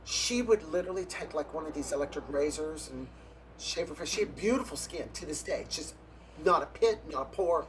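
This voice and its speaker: A man's voice: a little high, expressive, fairly quick, noisy background. A man, a drag performer, telling catty backstage stories in a casual, gossipy interview, breaking into laughs and gasps.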